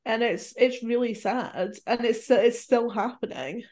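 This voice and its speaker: A woman speaking on a casual podcast, her voice sitting a touch high. She talks earnestly, repeating herself as she works out a thought. Her tone stays relaxed and conversational. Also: unhurried. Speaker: guest podcast host.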